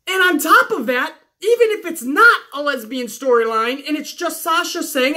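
A woman tears into last night's wrestling show in a profane recap rant. Her voice sits high and sounds bright and sharp. She keeps an exasperated, sarcastic edge and swears often. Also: sing-song, normal speed.

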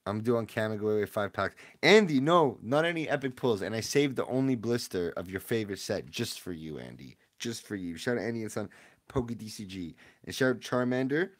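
A young man hosting a casual livestream from his room at home, chatting in relaxed slang and jumping from quiet mumbles to sudden loud yells. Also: lowish voice, brisk. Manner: laid-back slangy banter with chat. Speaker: livestream host opening card packs.

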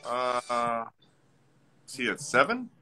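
A man's voice: mid-range voice, very animated, drawn-out words, bright, forceful tone, soft background music. A man from Massachusetts answering briefly and hesitantly as a game show contestant. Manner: brief, hesitant, lots of uhs.

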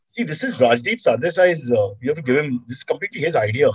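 A middle-aged man with an Indian English accent telling animated comic stories in an interview. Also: fairly high pitch, fast talker, husky, no echo, lo-fi sound. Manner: animated storyteller, acts out quotes. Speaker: comedian and TV host, guest. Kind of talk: anecdotal interview chat.

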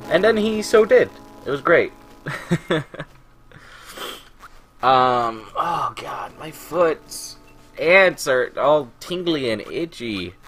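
A man's voice: mid-range voice, bright, forceful tone. A man hosting a let's play, telling stories in casual gameplay commentary and ranting with a lot of swearing. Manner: profane, ranting storyteller.

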